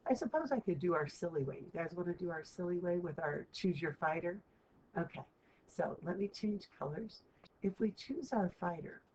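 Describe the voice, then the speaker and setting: A woman's voice: fairly low pitch, a little mellow. A woman teacher walking students through a math lesson, chatty and checking in with them often. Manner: chatty, keeps checking in with "right?". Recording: muffled lo-fi recording, faint hiss.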